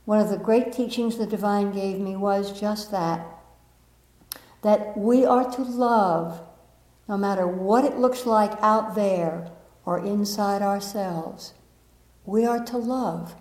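Gently laughing woman teacher, echoey room. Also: medium pitch, slow pace. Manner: gentle and reflective, laughs often at herself; checks in with the audience by asking questions. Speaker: spiritual teacher. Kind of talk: spiritual talk to a live audience. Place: room with a live audience.

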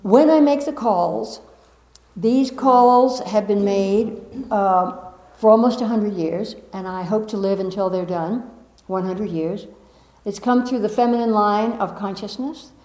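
A woman's voice: mid-range voice, unhurried, dark tone. A woman spiritual teacher giving a talk to a live audience, emphatic and repetitive, with playful asides. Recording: roomy echo of a meeting room.

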